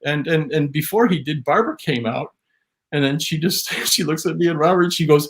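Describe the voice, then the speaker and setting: A man, a drum memorabilia historian, telling an anecdote as an interview guest in an animated way. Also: on the high side, brisk. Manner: animated storytelling, voice rises on quotes.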